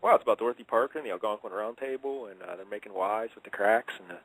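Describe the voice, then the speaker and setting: A man's voice: on the low side, fairly bright tone, poor audio. A man hosting a casual radio chat show who teases his co-hosts and keeps laughing. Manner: quick, giggly, teasing.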